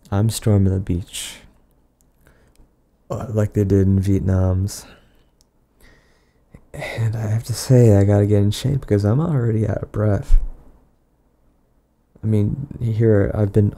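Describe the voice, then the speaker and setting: Gravelly low-voiced man rambling deadpan. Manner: rambling, deadpan, trailing off and restarting. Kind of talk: improvised absurdist comedy monologue.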